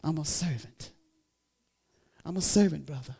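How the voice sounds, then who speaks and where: Fervent woman pastor: loud praise calls, hushed storytelling. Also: deep voice, a little slow, creaky, slightly rough. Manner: drops to quiet, intimate storytelling. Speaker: preacher. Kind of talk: sermon.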